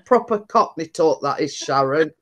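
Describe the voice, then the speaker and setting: A woman's voice: deep voice, lively intonation, moderate pace. A woman hosting a casual chat stream, reading out comments with a chuckle. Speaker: host of a live chat stream.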